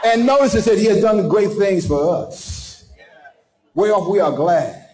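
A male preacher in full flow pushes his voice high, preaching with fervor, impassioned dramatic pauses and acted-out little dialogues. He sounds animated and a little mellow. Echo suggests a large room.

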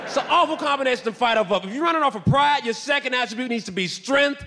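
High, animated man telling stand-up stories. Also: fast. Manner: loud, animated, self-mocking, acts out voices. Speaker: stand-up comedian. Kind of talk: stand-up storytelling. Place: stage in a large hall. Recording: live hall with long reverb.

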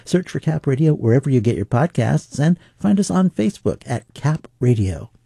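A man station announcer reading a station identification in a relaxed, plain way. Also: mid-range voice, normal speed, gravelly, breathy edge, no room sound, studio quality.

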